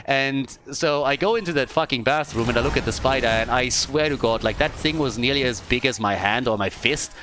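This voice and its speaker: A man casting a live video game match, talking casually, swearing freely and breaking into animated stories. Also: mid-range voice, fairly quick, few pauses, noisy background. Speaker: esports caster.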